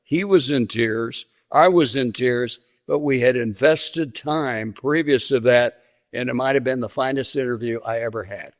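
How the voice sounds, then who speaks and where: Sitting for an interview, an older man from western Kansas, a longtime sportscaster, shares stories at an unhurried pace in a medium-pitched voice. He brings them to life by performing the lines he quotes.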